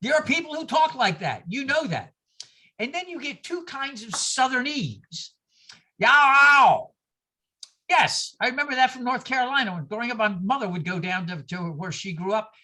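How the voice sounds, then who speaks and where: An older man from New York teaching a class on a video call, animated and digressive, with anecdotes and asides. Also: extremely high pitch, fairly quick.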